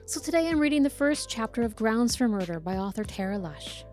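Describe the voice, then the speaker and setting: A woman's voice: a little high, animated, fairly quick, darkish tone, faint music behind. A woman hosting a podcast, bubbly and eager, reading a novel aloud. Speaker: podcast host and reader.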